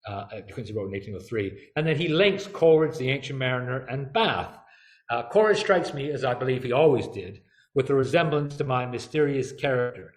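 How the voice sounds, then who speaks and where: A man's voice: medium pitch, expressive, fairly quick. Chatty male lecturer in an echoey room. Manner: chatty, with many fillers and quoted asides. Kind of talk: public lecture.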